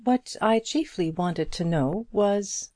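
A woman's voice: medium pitch, lively intonation, slow pace, a little mellow, dry recording, studio quality, pitched above the performer's own voice. A woman voicing an earnest, modest, lonely single woman in an audiobook reading, in plain sincere tones.

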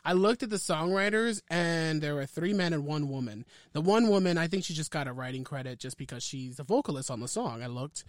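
A man's voice: a little high, animated, brisk, hardly any pauses, dry recording, clean studio sound. A man co-hosting a podcast, chatting casually and playfully, often restarting his sentences. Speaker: podcast co-host.

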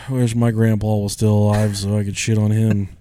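A man's voice: lowish voice, little pitch movement, measured pace, dark tone, no room sound. A young adult man hosting a podcast, joking crudely and swearing often, with frequent laughter. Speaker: podcast host. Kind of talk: casual podcast banter.

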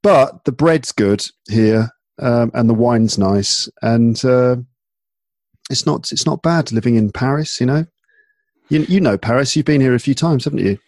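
An English man who teaches English hosts a podcast, chatting in a relaxed way full of fillers and restarts. His voice is mid-range and unhurried, with no room sound.

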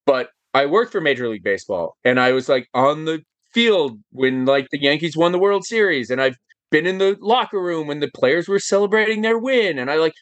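A man talking as a podcast guest in casual chat, animated and emphatic, firing off rhetorical questions. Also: a little high, no room sound.

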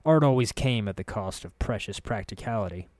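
Man reading a dark fantasy tale, low voice. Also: animated, brisk, dry recording, studio quality. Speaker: narrator. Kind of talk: first-person fantasy story reading.

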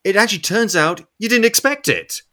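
A young man casually recapping a movie with a co-host, animated and swearing, acting out characters' lines. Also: sits high, fairly quick. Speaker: podcast co-host.

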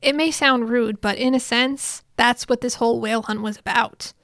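A woman's voice: on the high side, fairly even intonation, normal speed, a bit bright, dry recording, studio quality. A woman voicing an earnest, slightly flustered young man hero, read in a recap.

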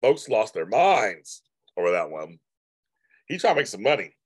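A man's voice: fairly low pitch, big pitch swings, normal speed, breathy edge, no room sound. A man hosting a casual livestream, rambling and repeating himself as he chats with viewers and answers their comments. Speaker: livestream host. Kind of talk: casual live-stream chat reading viewer comments.

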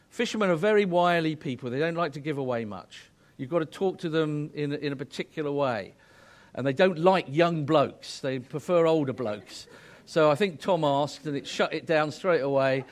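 A man's voice: a little high, moderate pace. Earnest man preaching a sermon. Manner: earnest, emphatic, building to fervent exhortation.

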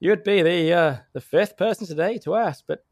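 In a lightly acted role, a man voices a talkative rural local whose directions come out rambling, stammering and full of restarts, with a gossipy air. He speaks high-pitched at a normal pace, captured in clean studio sound without echo.

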